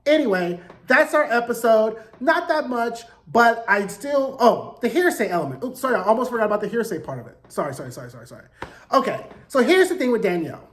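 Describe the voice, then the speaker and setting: A man's voice: extremely high pitch, very animated, fairly quick, few pauses. A man in his forties giving a casual recap of a TV episode, sassy and profane, peppered with "like" and "right?". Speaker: TV recap host. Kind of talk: casual review commentary.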